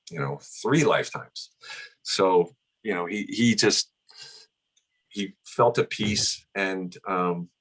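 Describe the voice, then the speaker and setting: Guy in his middle years reminiscing, low-ish voice, loose rambling chat, keeps restarting sentences. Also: fairly bright tone, slightly rough. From United States. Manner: rambling, many restarts and "you know". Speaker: guest, son of the honoree. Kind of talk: casual reminiscing interview.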